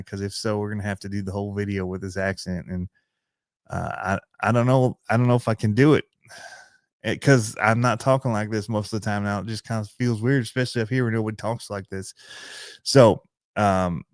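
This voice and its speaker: A middle-aged man with a Michigan accent chats casually on a podcast, rambling and laughing at himself. His voice is lowish and smooth. The sound is dry and close. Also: no echo. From Michigan, USA. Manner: rambling, laughs often, self-deprecating. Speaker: podcast host and RC channel creator.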